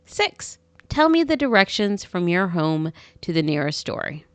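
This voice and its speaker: A woman's voice: on the low side, big pitch swings, a little slow, no echo. A woman teaching an English lesson, reading numbered examples in a careful drill cadence. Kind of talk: slow, deliberate language lesson reading.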